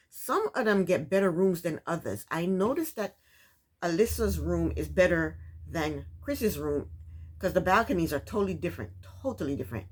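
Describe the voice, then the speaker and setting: A woman hosting a casual reality TV recap, chatty and opinionated, often questioning the cast out loud. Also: fairly low pitch. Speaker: recap host.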